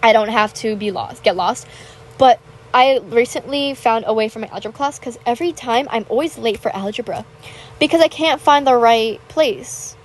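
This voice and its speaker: A teenage girl who vlogs about gaming chats casually while she plays, bubbly and dramatic as she retells moments from her school week. Her voice sits on the high side and moves at normal speed, but the audio quality is poor.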